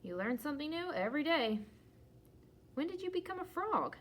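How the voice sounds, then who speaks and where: A woman's voice: high-pitched, very animated, moderate pace, slight background noise. A woman voicing an anxious, cautious male elephant in a children's storybook read-aloud. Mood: puzzled. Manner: worried, fretful, rises to loud alarm.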